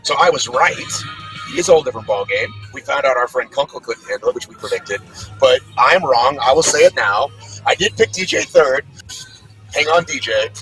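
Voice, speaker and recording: A man's voice: medium pitch, lively intonation, a little fast, fairly bright tone, soft background music, low-quality recording. A man guesting on a live race stream, talking in a brash, profane, self-mocking way. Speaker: guest commentator. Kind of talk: casual joking live-stream chat.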